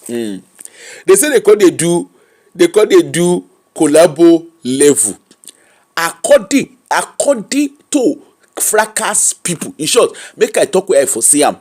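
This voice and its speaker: A man with a Nigerian accent hosting a gossip commentary livestream, animated, laughing often and thanking viewers by name. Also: on the high side. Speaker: host.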